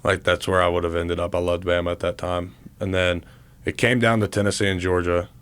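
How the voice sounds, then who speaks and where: A man's voice: low voice, little pitch movement, a little fast, a bit bright, smooth. A man in his twenties co-hosting a casual podcast chat. He is laid-back and fills his sentences with "like". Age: 20s. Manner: laid-back, leans on "like" as filler. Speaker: podcast co-host, college football player.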